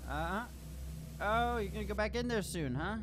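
A man hosting a let's play video, excitable and swearing constantly, shouting when panicked. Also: high voice, normal speed, noisy background. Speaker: gaming video host. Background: horror game music and sounds.

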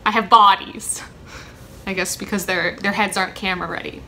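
Young woman vlogger, bright tone, rambling chatty delivery, faint background hiss. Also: mid-range voice, steady tone, a little fast, vocal fry. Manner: rambling, chatty, many ums and self-corrections. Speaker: vlogger answering a question tag. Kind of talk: casual chat.

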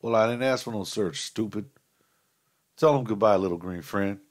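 A man's voice: fairly low pitch, normal speed. A man with a Texan accent hosting a reaction video, swearing freely and laughing often in casual commentary. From Texas.

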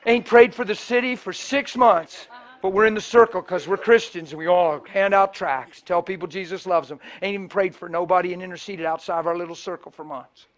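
A man's voice: high voice, steady tone, brisk, few pauses. A middle-aged man preaching a sermon, telling stories in a passionate, colloquial way and acting out the dialogue. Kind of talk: sermon storytelling.

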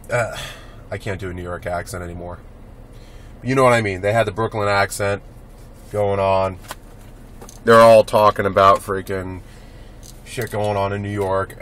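Young adult male vlogger, low voice, blunt and rambling, casual swearing, faint background noise. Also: a bit bright. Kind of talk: casual vlog monologue.

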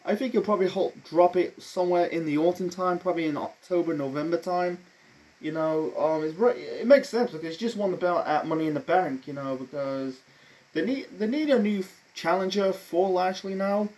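A man's voice: high-pitched, brisk, darkish tone. Rambling man reviewing wrestling, filler-heavy. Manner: rambling, many fillers and restarts; blunt and offhand. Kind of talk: casual solo review.

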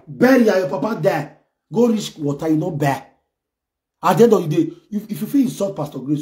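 A man with a Nigerian accent giving a mocking, insulting rant, switching between loud jeers and low muttering. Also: animated, a little fast, reverberant. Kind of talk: ranting online commentary.

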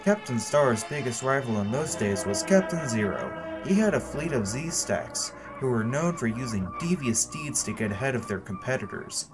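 Brief: male storybook narrator, mid pitch, steady, music under. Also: normal speed, few pauses.

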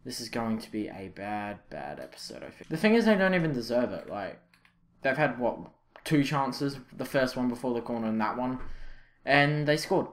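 A young man commentating his own football video game, reacting loudly and with frustration to misses and saves. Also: mid-range voice, sing-song, normal speed. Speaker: gaming channel host. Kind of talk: live gameplay commentary.

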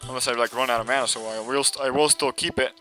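Excitable young man narrating gameplay. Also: mid-range voice, fast. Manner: excitable, laughing, talks to enemies. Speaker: gameplay video host. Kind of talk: casual let's-play commentary. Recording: game music behind voice. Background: game music.

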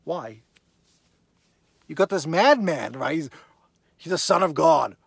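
A man teaching from the Bible in a lively, conversational way, with a voice that sits a bit high and swings widely in pitch. He keeps throwing rhetorical questions straight at the listener. The recording is close and dry. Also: slow, gravelly, slightly rough, dry recording.

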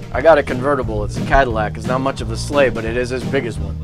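A man's voice: mid-range voice, fast, hardly any pauses, over music. A man with a Bronx accent hosting a live holiday variety show as a lounge singer, with brash, wisecracking stage patter between songs. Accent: New York (Bronx).

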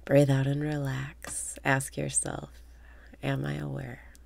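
Gravelly, very low-voiced woman guiding meditation. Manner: calm, slow, often half-whispered breath cues. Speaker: meditation guide. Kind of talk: guided meditation.

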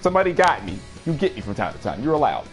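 Young male streamer, casual storyteller, animated with a swooping voice and frequent laughs, faint music behind. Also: mid-range voice, very fast. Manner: animated, laughs often, sudden excited outbursts. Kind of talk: casual storytelling while playing a game.

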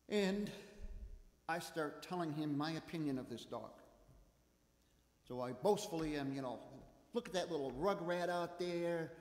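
Older guy preaching, funny stories on himself, slightly high voice, long church echo. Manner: animated self-deprecating storytelling. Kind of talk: sermon with personal anecdotes.

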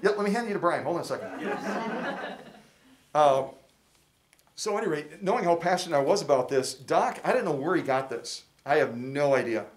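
A man's voice: a little high, lively intonation, fairly quick, slight background noise. A middle-aged man hosting a fundraiser livestream, chatty and folksy, rambling through trivia in a casual way. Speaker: fundraiser host.

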